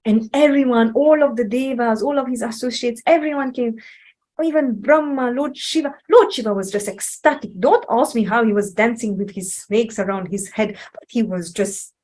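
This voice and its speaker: A woman's voice: a little high, moderate pace, rough recording. A woman animatedly telling a devotional story to a child, asking her questions as she goes. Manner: animated, questioning, acts out voices.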